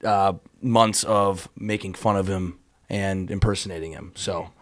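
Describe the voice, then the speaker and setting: A man's voice: sits low, steady tone, a little slow, dry recording, clean studio sound. A man from Minnesota co-hosting a podcast, joking and self-mocking in a casual chat. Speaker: podcast co-host. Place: podcast studio.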